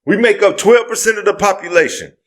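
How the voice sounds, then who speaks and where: Male podcast co-host, fairly high voice, heated, profane, prone to outbursts. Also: brisk, fairly bright tone. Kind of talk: casual podcast talk.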